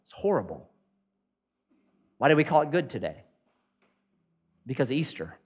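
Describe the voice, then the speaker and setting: Animated man preaching a sermon. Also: mid-range voice, unhurried, slightly rough. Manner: animated, conversational preaching with rhetorical questions. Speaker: pastor.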